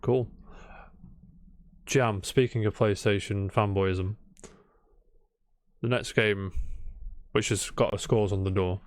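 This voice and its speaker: A man hosts a casual podcast chat, joking and teasing with a slightly low voice. He swears freely. The sound is dry and close, with no room around it. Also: steady tone, slow pace, long pauses, no room sound. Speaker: podcast host.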